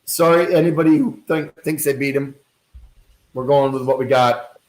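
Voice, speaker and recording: A man's voice: medium pitch, steady tone, moderate pace, darkish tone. A man co-hosting a casual podcast from his kitchen at home, teasing and playful as he runs a trivia game. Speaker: podcast co-host. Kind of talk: casual chat. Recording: echoey kitchen.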